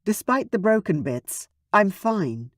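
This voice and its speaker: A man voicing a heartbroken young dragon-shifter woman who bursts into shrill, screaming anger. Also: big pitch swings, slow, a bit bright, no echo, studio quality, exaggerated voice. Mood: defiant.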